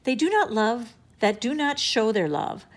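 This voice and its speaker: A woman's voice: a little high, big pitch swings, measured pace. A woman doing Andrea, a dramatic schoolgirl. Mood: mournful. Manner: quotes lines theatrically, then cries for help. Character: bookish young schoolgirl, dramatic and sad.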